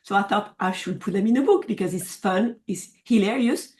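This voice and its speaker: A woman's voice: medium pitch, fairly quick, a little mellow. A woman from France speaking English with a French accent, an author guest talking earnestly and thoughtfully in a casual interview.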